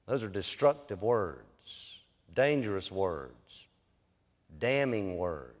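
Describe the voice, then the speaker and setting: A man's voice: on the low side, big pitch swings, slow. A man, preaching a sermon as a pastor in a folksy storytelling manner and speaking directly to his listeners as "friend.". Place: church sanctuary. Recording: long church hall reverb.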